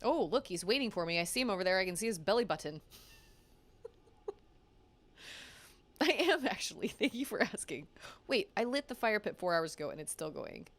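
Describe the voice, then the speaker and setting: Talking quickly in a mid-range voice, this young woman narrates her gameplay live. She gets excited easily, exclaiming, groaning, and laughing off her setbacks.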